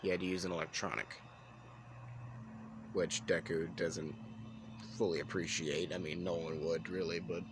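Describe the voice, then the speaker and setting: A man with a very low voice narrates an improvised fan story casually. He rambles, restarts his sentences and drops in asides. A faint hiss sits under the recording. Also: level tone, normal speed, pauses often.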